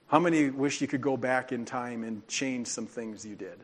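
A man's voice: mid-range voice, moderate pace. A man preaching a sermon as a pastor, telling his own testimony in an earnest, confessional way. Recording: long hall reverb.

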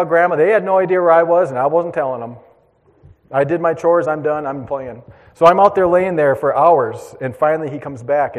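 A man preaching, telling a lively childhood story to his congregation and drawing a lesson from it. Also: on the high side, long reverb tail. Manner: animated storyteller, acts out voices and shouts. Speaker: pastor. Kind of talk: storytelling sermon.

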